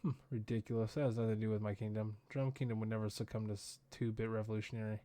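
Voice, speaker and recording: A man's voice: fairly low pitch, little pitch movement, fast talker, dark tone, close to an everyday voice. A man voicing a boastful, petty male tyrant king while reading a comic aloud, pompous and dismissive.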